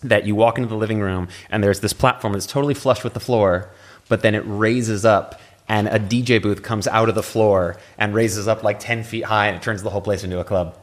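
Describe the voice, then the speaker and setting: A middle-aged man from California, a guest in a relaxed conversation who talks quickly and tells his stories with eager enthusiasm. His voice sits fairly low. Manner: enthusiastic storyteller. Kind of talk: casual conversation.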